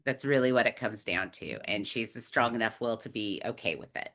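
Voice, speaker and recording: A woman co-hosting a podcast, recapping a book in animated, chatty storytelling. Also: extremely low pitch, a little fast. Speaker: podcast co-host. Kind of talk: casual book discussion chat.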